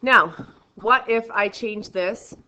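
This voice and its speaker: A woman teaching a math class, counting steps out loud, trailing off quietly, and checking in with "right?". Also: mid-range voice, slow pace, a little hiss or hum. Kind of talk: classroom lecture. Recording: roomy classroom sound, slightly dull.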